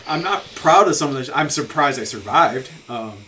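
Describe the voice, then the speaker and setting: A man in a loose, casual podcast chat who wanders through tangents, curses freely and laughs often. His pitch sits in the middle range for a man. There is a faint hiss of background noise under the recording. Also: expressive, brisk, bright, forceful tone. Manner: rambling, swearing, laughing often. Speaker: podcast host.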